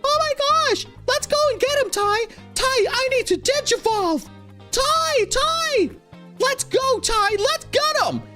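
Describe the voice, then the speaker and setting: Super squeaky little cartoon dino monster, all eager and kinda frantic, way up high. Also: male voice, animated, takes it slowly, sharp tone, faint music behind, full character voice. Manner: eager, repeats a name over and over. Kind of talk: impression of an old cartoon dub.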